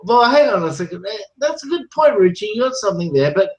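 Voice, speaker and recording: A man's voice: high-pitched, very animated, fast talker, a little mellow, rough recording. A man hosting a casual chat, ranting in a heated, profane, repetitive way while drinking beer.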